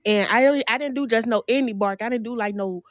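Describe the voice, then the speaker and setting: Animated woman laughing through a storytime. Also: a little high, fast talker, no echo, studio quality. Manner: animated and laughing, addressing viewers as "y'all". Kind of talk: storytime vlog.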